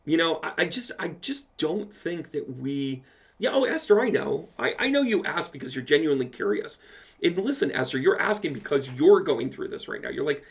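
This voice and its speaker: A man's voice: a little high, animated, moderate pace, vocal fry. A man hosting a casual livestream Q&A as a medium, reading out viewer comments and answering them with playful asides. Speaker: medium answering live chat questions.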